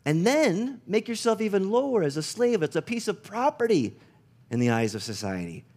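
A middle-aged man preaching a sermon as pastor, telling stories with lively acted-out quotes. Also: high voice, moderate pace. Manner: animated storytelling, acts out quoted voices.

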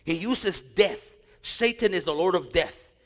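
Male pastor, animated preaching, high lively voice, long reverb of a big hall. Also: a little slow. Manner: animated preaching with storytelling asides. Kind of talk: sermon.

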